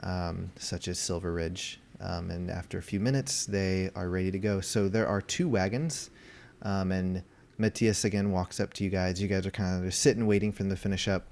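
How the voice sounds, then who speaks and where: Low-voiced man narrating a tabletop game. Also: normal speed, gravelly. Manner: relaxed, with many fillers. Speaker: game master. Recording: music playing behind.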